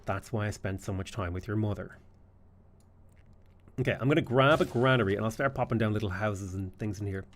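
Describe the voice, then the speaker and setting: A man's voice: on the low side, a little fast. A man with an Irish accent giving live gameplay commentary and trading jokey banter with his chat. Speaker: streamer.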